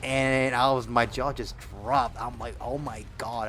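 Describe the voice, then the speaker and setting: A young man chatting casually in a vlog, excitable and rambling, with lots of fillers and restarts. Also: medium pitch, a little slow, soft background music. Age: young adult. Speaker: gaming YouTuber.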